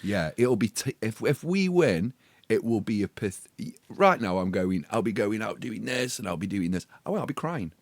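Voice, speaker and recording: A man's voice: lowish voice, animated, moderate pace, no echo. A man co-hosting a podcast in casual chat, an emotional football fan who swears and talks with feeling. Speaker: podcast co-host.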